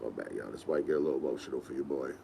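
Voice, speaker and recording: A young man casually telling funny stories on a podcast, animated and slangy, laughing as he goes. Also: very deep voice, racing, vocal fry, slight background noise. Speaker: podcast host. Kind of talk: casual storytelling.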